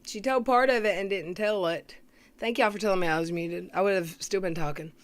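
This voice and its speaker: A woman, hosting a casual commentary livestream, reading viewer comments aloud and often clearing her throat. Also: mid-range voice, a little fast. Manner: chatty, greets viewers, reads comments aloud.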